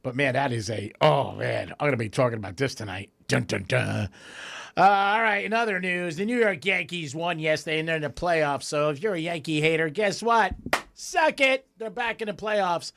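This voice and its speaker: A man hosting a radio talk show in a studio, ranting in an animated, exasperated way. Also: on the high side, brisk, creaky, few pauses.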